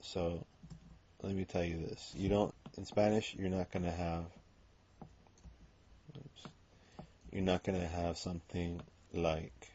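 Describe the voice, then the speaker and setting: A man's voice: deep voice, darkish tone, dull audio, slight background noise. A man teaching a recorded language grammar lesson, explaining step by step with frequent ums and okays. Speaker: Spanish teacher.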